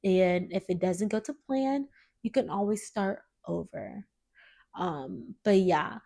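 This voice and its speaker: A woman's voice: mid-range voice, animated, slow pace, creaky, dark tone. A woman in her twenties hosting a casual solo podcast, sounding nasal from a cold she is still getting over, chatty and earnest with lots of filler words. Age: 20s. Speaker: podcast host.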